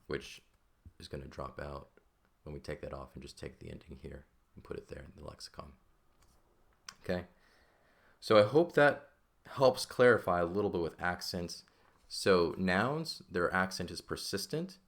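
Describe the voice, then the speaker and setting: A man's voice: low-pitched, very animated, moderate pace, creaky, pauses often. A man teaching a recorded language lesson, explaining step by step and often checking with "right?" and "okay?".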